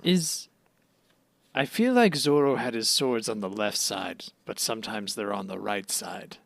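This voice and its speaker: A man co-hosting a podcast, casually recapping anime with dry, deadpan jokey interjections, on a close mic. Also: fairly low pitch, a little slow, creaky, dry recording. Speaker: podcast co-host.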